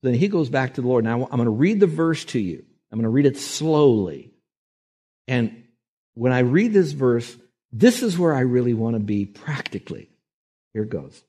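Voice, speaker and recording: A man preaching a sermon as a pastor, emphatic and quick to act out the people he quotes. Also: medium pitch, sing-song, warm tone, husky. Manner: emphatic, acts out quoted voices.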